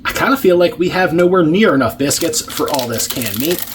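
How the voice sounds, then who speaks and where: A man's voice: a little high, animated, brisk, background noise. A man hosting a casual food-tasting vlog, chatty and blunt, swearing freely as he unpacks and tastes ration food. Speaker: ration review host.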